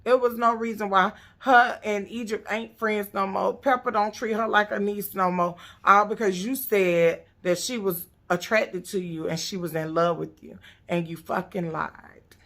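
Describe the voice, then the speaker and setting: A woman's voice: mid-range voice, steady tone, a little slow, fairly bright tone. A woman casually recapping a reality TV episode, blunt, profane and sassy.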